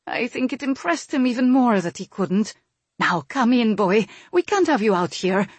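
A bossy, emotional noblewoman mother speaks up high and loud, her voice husky and close in a dry booth, as a woman narrator puts her on. She issues urgent commands in a storybook reading. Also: animated, normal speed, dry recording. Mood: tender.

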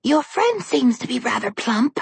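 A woman voicing a grotesque old witch in a storybook reading, with a high-pitched, crackly voice and slow, wheedling speech. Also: big pitch swings, vocal fry, slightly rough, no room sound, heavily acted. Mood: menacing. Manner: slow, drawn-out coaxing.

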